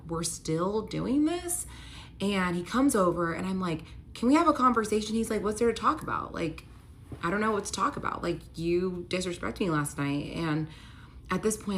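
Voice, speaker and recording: Young woman storyteller, lowish voice, chatty "like"-heavy retelling, light background hiss. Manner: animated retelling with many "like" fillers, quoting both sides of arguments. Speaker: storyteller recounting her relationship. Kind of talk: casual storytelling.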